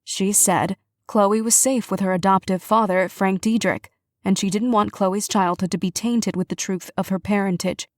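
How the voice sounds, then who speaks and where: A sorrowful middle-aged woman with a soft, quavering voice, caught up in a missing-girl case, as a woman narrator puts her on. She speaks with mid-range pitch in a dry, close audiobook read. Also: fairly even intonation, moderate pace, no echo, close to an everyday voice. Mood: measured, sorrowful. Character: grieving middle-aged woman, sister's guardian. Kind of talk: audiobook character reading.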